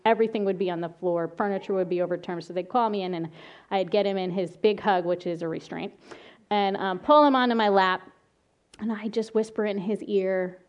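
A middle-aged woman giving a talk on calming angry children, telling lively stories from her own family and work, often laughing and acting out the children's voices. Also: fairly low pitch, a little fast, muffled recording. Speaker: child behavior specialist giving a parenting talk. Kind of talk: presentation with slides.

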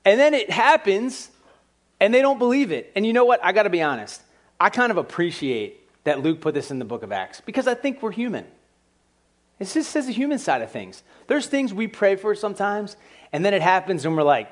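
Pastor, male, somewhat high voice, chatty and animated delivery, addresses the congregation directly. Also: a little fast. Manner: casual and animated, with lots of "like" and asides to the congregation. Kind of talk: conversational sermon.

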